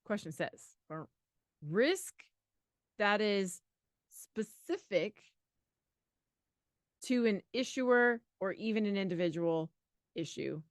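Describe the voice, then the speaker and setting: A woman co-hosting a live exam study lesson, chatty and quick to laugh, thinking aloud through answers. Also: medium pitch, lively intonation, dry recording, studio quality. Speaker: exam prep co-host.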